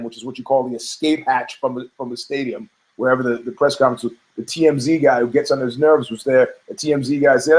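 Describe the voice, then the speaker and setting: A man hosting a show, giving brash, profane, rambling opinions on fights with many restarts. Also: on the high side. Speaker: podcast host. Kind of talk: casual opinionated commentary.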